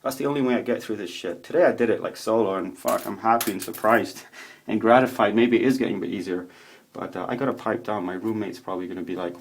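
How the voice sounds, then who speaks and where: A man in a casual, rambling video monologue, swearing a lot as he tells stories in an animated way. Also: lowish voice, fast, slight background noise. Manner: profane, rambling, animated storytelling. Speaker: vlogger. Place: home room with a roommate nearby.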